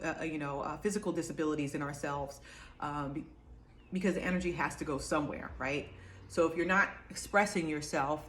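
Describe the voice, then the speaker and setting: A woman's voice: low-pitched, fairly bright tone, echoey room, a little hiss or hum. A woman giving a casual, rambling talk to camera as an energy healer, full of fillers and restarts.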